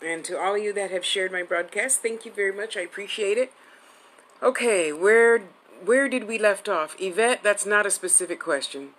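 A woman's voice: mid-range voice, a little fast, fairly bright tone, rough recording. A woman in her fifties giving a live-streamed psychic reading, chatty and affectionate, rambling with restarts. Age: 50s. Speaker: psychic medium host.

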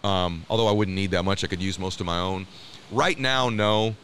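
A man's voice: low voice, steady tone, moderate pace, a bit bright. A man talking as an interview guest, telling stories in an emphatic, earnest way. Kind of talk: casual conversation.

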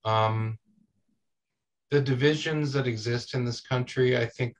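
A man from the United States, hosting an interview and asking measured, thoughtful questions. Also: mid-range voice. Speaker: interviewer, host.

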